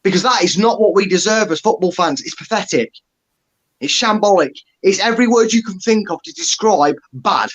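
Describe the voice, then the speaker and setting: A man's voice: high-pitched, lively intonation, normal speed, fairly bright tone. A man giving a blunt, exasperated, sweary rant about his team's performance. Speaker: football fan pundit. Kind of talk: angry fan rant.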